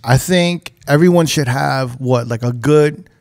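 A man's voice: medium pitch, a little slow, creaky. A man co-hosting a casual podcast as a nightclub DJ, telling stories and acting out catchphrases. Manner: animated storytelling, acts out catchphrases. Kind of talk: casual chat. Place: podcast studio.

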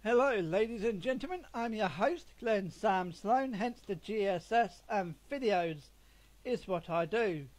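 A man's voice: high voice, expressive, unhurried. A man hosting a gaming channel, opening a livestream with an upbeat, announcing manner. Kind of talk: casual livestream intro.

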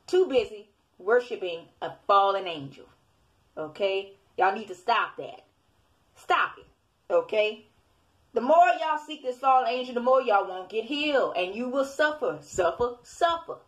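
A woman's voice: a little high, fairly bright tone. A woman preaching informally to an online audience, scolding her listeners and repeating "okay?" again and again. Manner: repetitive, scolding, keeps asking "okay?". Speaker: self-made online preacher.

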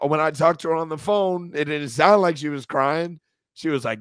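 A man's voice: a little high, moderate pace, clear, resonant tone, no echo. A man co-hosting a casual podcast, emotional and swearing freely, his voice breaking as he talks close to tears. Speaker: podcast co-host.

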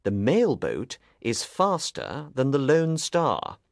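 A man playing a sharp, determined detective in an audiobook, speaking clearly and deliberately. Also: medium pitch, wildly swooping pitch, no room sound, clean studio sound, heavily acted. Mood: explaining. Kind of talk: audiobook reading.

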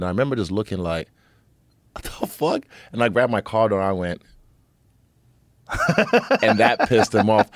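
A man's voice: on the low side, dry recording. A man telling a story as a guest in casual podcast chat, swearing freely and acting out others' lines.

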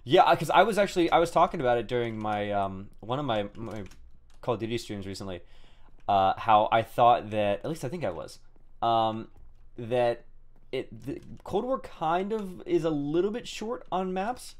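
Animated young man hosting a game stream. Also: mid-range voice, moderate pace. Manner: rambling, with many restarts and greetings to chat. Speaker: streamer host. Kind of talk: casual gaming stream chat.

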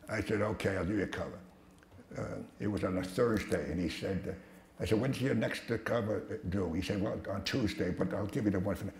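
An older man with a low, gravelly voice tells brash, profane stories in front of a crowd. He stumbles and restarts often. The sound is echoey and carries a faint hiss. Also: brisk, darkish tone. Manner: profane, blunt, with many restarts and stammers. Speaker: speaker at a talk. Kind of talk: anecdotal storytelling talk. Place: hall with a live audience. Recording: echoey hall with some noise.

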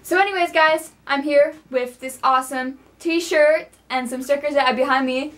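A woman's voice: high-pitched, moderate pace, a bit bright. A young woman chatting casually to her viewers in a product review vlog, bubbly and talking straight to the camera. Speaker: vlogger.

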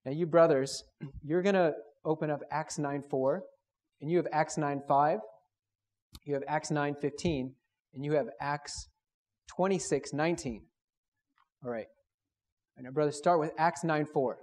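Male preacher, higher-pitched, emphatic, repetitive student-meeting sermon. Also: unhurried, pauses often, a little mellow. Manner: emphatic, repetitive, builds phrases; leads group to read aloud together.

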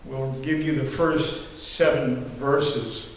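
Here an older man serves as pastor, giving a sermon in a mid-range voice with flat delivery and a slow pace. His storytelling rambles casually, peppered with fillers. Picked up at a distance in a reverberant church sanctuary, the audio carries faint ambience and a bit of background noise.

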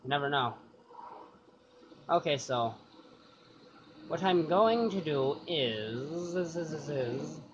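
A man's voice: on the high side, animated, slow pace, pauses often. A man giving loose, rambling gameplay commentary, cursing casually and thinking aloud. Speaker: gaming YouTuber. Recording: dull lo-fi sound with clear noise.

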